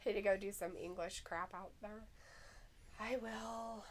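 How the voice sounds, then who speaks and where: A woman's voice: medium pitch, fairly even intonation, unhurried, gravelly, slight background noise, poor audio. A woman co-hosting a live stream in casual chat, giggling often and reading viewers' messages aloud. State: slight headache.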